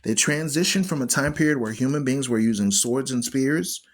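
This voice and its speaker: A man's voice: medium pitch, normal speed. Emphatic preaching man. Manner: emphatic, repeats phrases for stress; preachy, argues with viewers. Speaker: host of an online Bible radio show. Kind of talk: livestreamed Bible teaching.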